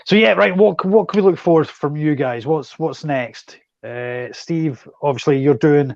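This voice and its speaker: A man's voice: on the high side, moderate pace, gravelly, darkish tone, dry recording, lo-fi sound. Joking Scottish man hosting a chat. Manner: joking, teasing banter. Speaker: host. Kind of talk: casual chat.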